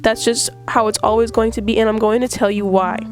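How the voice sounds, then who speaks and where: A woman with a fairly high voice talks through a chatty video review, playful and theatrical, gushing over her subject. A slight vocal fry and roughness hang on her voice while she recovers from being sick. Faint guitar music plays softly behind her. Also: fairly even intonation, brisk. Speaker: video essayist.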